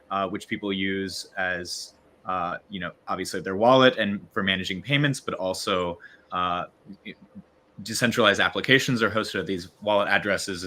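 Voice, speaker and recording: A man from Virginia, a growth lead, appears as a guest on a casual livestream via video call. His voice is on the low side with a sharp tone, and he explains his work hesitantly, full of fillers and restarts.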